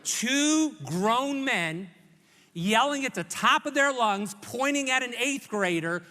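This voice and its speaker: A man from Hawaii giving a humorous commencement speech in a large church hall, telling a story in an animated, self-mocking way and voicing his own thoughts. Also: very high voice, moderate pace. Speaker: commencement speaker. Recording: echoey recording in a large hall.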